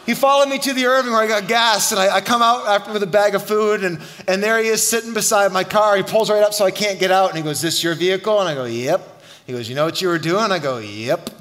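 High, bright-voiced pastor preaching. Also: male voice, fast talker, hardly any pauses. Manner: animated storytelling, shouting at the climax. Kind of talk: sermon. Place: church hall. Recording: long hall reverb.

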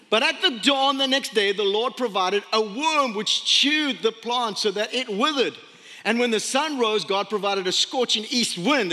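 A man preaching a sermon, retelling a story with animated voices for its characters. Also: high-pitched. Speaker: pastor. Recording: long hall reverb.

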